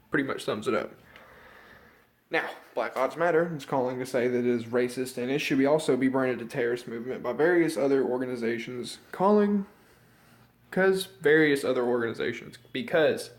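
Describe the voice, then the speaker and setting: A man's voice: medium pitch, normal speed. A young man from the United States ranting casually in a vlog. He rambles, swears a lot, loses his thread and sounds out of breath and a bit sick. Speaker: vlogger. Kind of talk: casual opinion rant.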